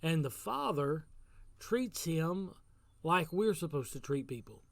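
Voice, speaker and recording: A man's voice: a little high, very animated, takes it slowly, gravelly, no room sound. A man giving a casual devotional talk as pastor, telling a story in an earnest way and repeating phrases for emphasis.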